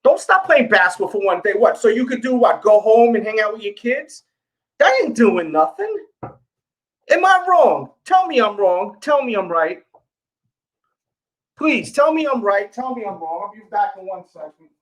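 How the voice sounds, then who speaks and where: Man with a New York accent, a fairly high voice, casual livestream host who speaks straight to viewers and keeps repeating his points. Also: big pitch swings, normal speed, fairly bright tone. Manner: talks straight to viewers, repeats himself, pleading. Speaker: sneaker channel host.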